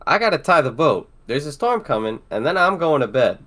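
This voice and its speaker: A man's voice: fairly high pitch, sing-song, a little fast, fairly bright tone. A man voicing a tired, cautious young dock worker in a plain, weary tone.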